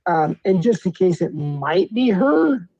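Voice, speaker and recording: High-voiced rambling streamer, lo-fi sound. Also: male voice, big pitch swings, gravelly, dark tone, no room sound. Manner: loose, rambling, quick to interrupt. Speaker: livestream host. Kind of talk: casual livestream chat.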